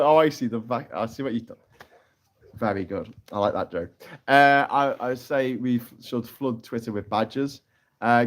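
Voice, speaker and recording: A middle-aged British man hosts a relaxed live stream and reads out viewer comments. He talks in a loose, chatty way and slips into mocking jokes. His voice sits at an ordinary middle pitch. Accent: British English. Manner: chatty, mocking, jumps into high squeaky voices for caricatures. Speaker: live-stream host reading chat. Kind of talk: casual live-stream chat.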